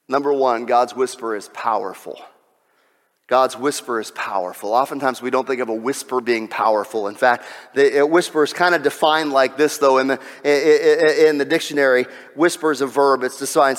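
A man delivering a sermon, swinging between loud exhortation and hushed, almost whispered passages. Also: mid-range voice, steady tone, moderate pace. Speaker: pastor. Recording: long reverb of a large hall.

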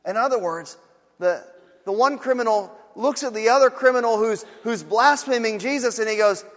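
Pastor guy with a high voice preaching, chatty and emphatic, lots of hall echo. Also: moderate pace, a bit bright. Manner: conversational, emphatic preaching with rhetorical asides. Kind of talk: sermon.

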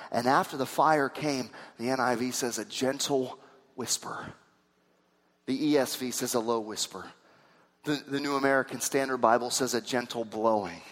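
A man preaching a sermon, swinging from hushed tones to shouts. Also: medium pitch. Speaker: pastor. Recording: long reverb of a hall.

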